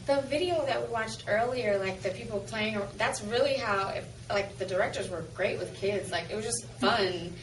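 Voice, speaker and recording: A woman's voice: medium pitch, moderate pace, few pauses, slight background noise. A woman in her thirties, a voice actress, chatting casually and giggly in an interview, with many filler likes. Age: 30s. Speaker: voice actress guest. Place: public press event. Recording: echoey distant mic with loud crowd.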